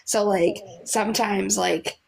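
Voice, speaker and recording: A woman's voice: mid-range voice, fairly even intonation, takes it slowly, vocal fry. A woman, chatting candidly as a guest on a live stream, rambling with many likes. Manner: rambling, candid, full of likes and self-quotes. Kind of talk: casual live chat.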